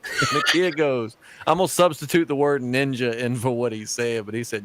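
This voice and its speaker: A man's voice: medium pitch, moderate pace, slight background noise. A man in his thirties, a podcast host, telling a rambling story in casual chat and laughing between the lines. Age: 30s. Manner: laughing storyteller, puts on voices for friends.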